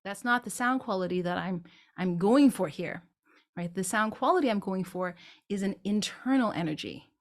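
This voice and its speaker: A woman's voice: medium pitch, expressive, normal speed. A woman vocal coach explaining singing technique and breaking into short sung demonstrations of phrases.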